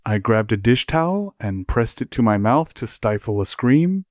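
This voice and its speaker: Low-voiced man reading a horror story. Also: expressive, measured pace, dry recording, studio quality. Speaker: narrator. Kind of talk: scripted horror narration.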